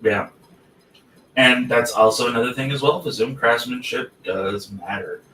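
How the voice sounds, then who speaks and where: A man's voice: mid-range voice, fairly even intonation, normal speed, sharp tone, slight background noise. Blunt, swearing man in a roomy mic. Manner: blunt, swears freely, self-interrupting. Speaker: podcast host. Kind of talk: casual chat. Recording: roomy, distant mic with faint ambience.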